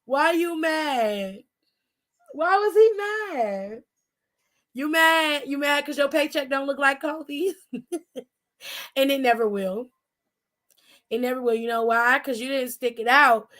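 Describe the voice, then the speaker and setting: A woman's voice: high voice, a little slow, pauses often, fairly bright tone. A woman co-hosting a casual wrestling aftershow, sassy and profane, firing off teasing rhetorical questions. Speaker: co-host.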